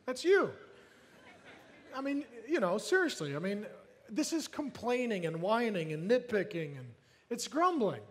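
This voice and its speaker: A man preaching a sermon as pastor, lively and joking, often acting out whiny complainers in put-on voices. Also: sits high, unhurried, big-room sound.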